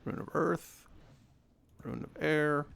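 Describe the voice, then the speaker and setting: A man's voice: a little high, fairly even intonation, slow pace, gravelly, a bit bright. A man with a scratchy voice giving casual, rambling gameplay commentary as a let's play host, chuckling at himself. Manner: rambling, self-deprecating, chuckles often.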